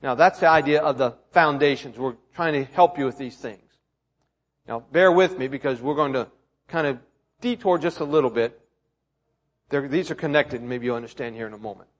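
A middle-aged male pastor preaching a conversational sermon with rhetorical questions to a church congregation. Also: a little high. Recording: long hall reverb.

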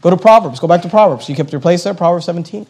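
High-voiced pastor preaching emphatically. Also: male voice, a little mellow, husky. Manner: emphatic preaching with rhetorical questions and repetition; reads scripture slowly and deliberately. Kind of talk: sermon.

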